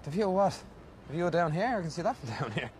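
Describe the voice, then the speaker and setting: A sulky Dublin tourist. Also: male voice, fairly high pitch, sing-song, fast talker, a little hiss or hum. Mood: scornful. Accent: Irish, Dublin. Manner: sarcastic, complaining. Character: sulky young male tourist, bored and scornful. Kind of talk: film dialogue.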